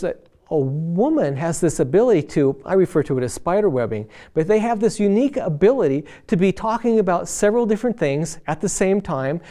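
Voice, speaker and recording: A middle-aged man giving a relaxed marriage teaching, putting questions to the men listening. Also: a little high. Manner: chatty, addresses men directly with questions; acts out quoted voices of wife and friends.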